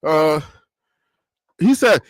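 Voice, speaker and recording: A man hosting a live sports talk stream in a chatty, animated way, often laughing and swinging his voice up and down. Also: fairly high pitch, drawn-out words, no echo.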